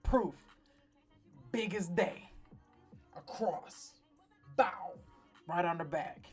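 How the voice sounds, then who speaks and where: A woman's voice: on the low side, extremely slow, slightly rough, soft background music. A woman hosting a talk show, recapping a TV episode in a casual, dramatic, slang-heavy way full of swearing. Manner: profane, slangy, dramatic storytelling.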